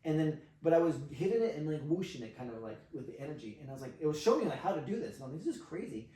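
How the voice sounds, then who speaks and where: A man, a podcast guest, telling an animated story, acting out quotes with frequent laughs and fillers. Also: a little high, racing. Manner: excitable, acts out quotes, laughs often, filler-heavy. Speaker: podcast guest, sexual healer. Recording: roomy, distant from mic.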